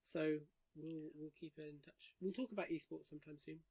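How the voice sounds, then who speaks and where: A man's voice: a little high, fairly even intonation, moderate pace, gravelly, dark tone, slightly rough. A man hosting a casual gaming news podcast round a table with friends, wry and rambling with lots of fillers. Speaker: podcast host.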